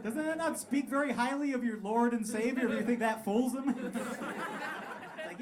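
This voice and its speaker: A man in his thirties doing a crude, animated stand-up set on a comedy club stage, laughing through his punchlines. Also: very high voice, normal speed. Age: 30s. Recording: live club recording, crowd and room noise.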